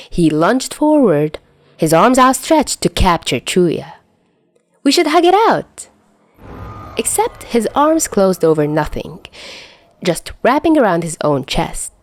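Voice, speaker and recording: A woman narrating fan fiction aloud, expressive, dropping to soft whispers at times. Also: on the low side, no room sound, clean studio sound. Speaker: podfic reader.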